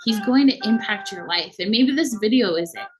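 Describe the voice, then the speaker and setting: A woman's voice: fairly high pitch, animated, normal speed, faint music behind, poor audio. A woman in her thirties sharing a heartfelt personal faith testimony, earnest and emotional. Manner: earnest and emotional, with soft laughs. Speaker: faith vlogger.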